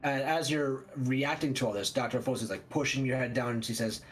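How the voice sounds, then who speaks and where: Male game storyteller with mid-range pitch, casual and loose, full of fillers. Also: steady tone, brisk, faint music behind, rough recording. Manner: loose, filler-heavy narration. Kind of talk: narrating a tabletop game.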